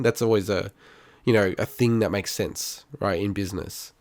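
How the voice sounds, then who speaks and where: Low-voiced assertive podcast co-host man. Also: steady tone, normal speed, no room sound. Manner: assertive, argues his point, laughs often. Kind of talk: casual debate chat.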